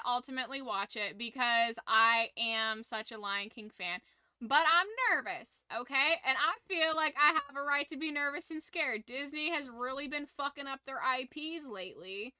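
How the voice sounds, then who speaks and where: A woman live-streaming to her viewers, talking in an animated, rambling way. Her voice is very bright and crisp, recorded dry and close. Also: high-pitched, no room sound. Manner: animated, rambling fan enthusiasm with frequent laughs. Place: home room with her collectibles behind her.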